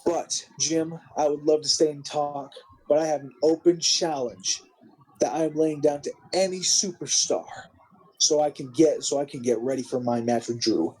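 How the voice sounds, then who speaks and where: A cocky male wrestling star cuts a swaggering, defiant promo, voiced by a man. The voice sits a little high and sounds husky. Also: moderate pace, darkish tone, low-quality recording. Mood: brash. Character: brash, cocky male wrestling star boasting in third person.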